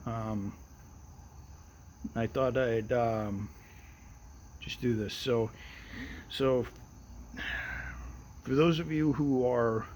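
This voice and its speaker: An American man hosting his own show, talking outdoors in a relaxed, rambling way with many restarts. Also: medium pitch, a little hiss or hum, low-quality recording. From United States. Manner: rambling and repetitive, frequent restarts; relaxed and unhurried. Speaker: host of his own daily audio show. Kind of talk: casual personal monologue. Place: outdoors at night.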